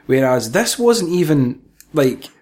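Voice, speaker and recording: A man's voice: fairly high pitch, very animated, slow pace, a little mellow. A Scottish man co-hosting a casual film review chat, sweary and laughing, acting out silly voices. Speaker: podcast co-host.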